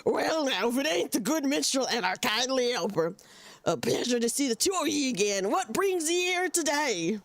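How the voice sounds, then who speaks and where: A woman voicing a gruff male pirate sailor with a phlegmy, drunken growl, reading video game dialogue. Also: sits high, big pitch swings, normal speed, dry recording.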